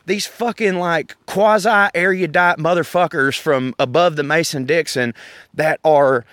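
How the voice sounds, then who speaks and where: Profane Southern man ranting, bright voice. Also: on the high side, measured pace, clean tone, no room sound, clean studio sound. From Southern United States. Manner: profane, animated, rambling. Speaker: podcast host. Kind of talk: casual rant. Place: outdoors in a park.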